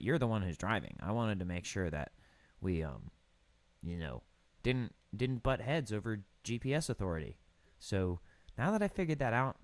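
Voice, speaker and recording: A young man casually commentating over a building game, riffing deadpan puns on place names. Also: lowish voice, dry recording. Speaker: gaming streamer.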